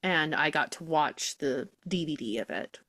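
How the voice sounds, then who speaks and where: Lively actress telling stage stories. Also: female voice, low-pitched, moderate pace, dry recording. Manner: animated storyteller, slips into put-on accents. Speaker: guest theatre actress. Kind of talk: casual interview chat.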